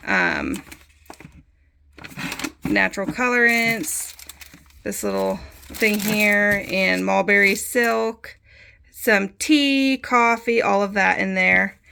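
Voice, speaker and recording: A casual woman in her thirties talks through a home tour, unhurried and a little breathless. Her voice has a gravelly edge, and she laughs easily while listing things off. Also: medium pitch, pushed and bright, slight background noise. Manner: chatty, lists items, laughs often. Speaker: soap maker giving a studio tour. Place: home room.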